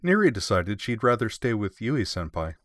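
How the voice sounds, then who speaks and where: A man's voice: lowish voice, sing-song, normal speed, a bit bright, no echo, studio quality. A man voicing a serious, earnest younger schoolgirl with a resigned manner.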